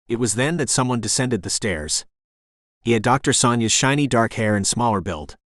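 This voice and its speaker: Steady male audiobook narrator, dry close sound. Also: medium pitch, normal speed, dry recording. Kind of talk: scripted narration.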